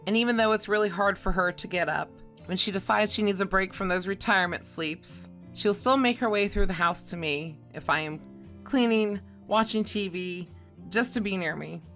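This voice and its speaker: A woman's voice: mid-range voice, moderate pace, fairly bright tone. A woman vlogging about her dog, reading a scripted personal tribute in a fond manner and chuckling often. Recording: faint guitar music behind.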